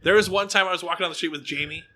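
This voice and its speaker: A young man hosting a podcast, telling an animated story in casual chat and acting out other people's lines. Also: high-pitched, racing. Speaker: podcast host.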